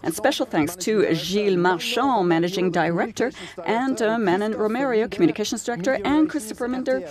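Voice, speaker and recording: A woman's voice: mid-range voice, a little fast, few pauses, crowd noise. A woman hosting a live event, reading out a list of names with fillers and repeats. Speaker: event host.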